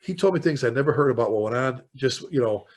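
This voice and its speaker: An older man, a fire chief, talking as a podcast guest and telling stories in an animated, conversational way. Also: medium pitch. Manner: animated, quickly quotes people in stories. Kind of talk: conversational storytelling.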